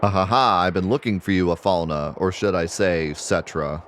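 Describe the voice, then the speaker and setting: A man's voice: deep voice, fairly even intonation, normal speed, slight background noise, natural voice. A man voicing a sly, scheming male scientist villain who gloats and laughs mockingly while reading game dialogue aloud. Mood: gloating.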